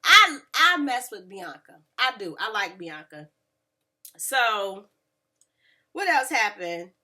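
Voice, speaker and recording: A woman, casually recapping a reality show and acting out quotes with lively voices. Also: medium pitch, slow pace. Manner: animated, mimics people in quotes. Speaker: reality TV reviewer.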